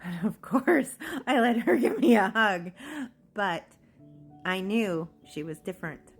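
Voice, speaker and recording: A woman's voice: medium pitch, expressive, slow, gravelly, soft background music. Woman telling her story earnestly. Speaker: speaker sharing her own story. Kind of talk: personal testimony.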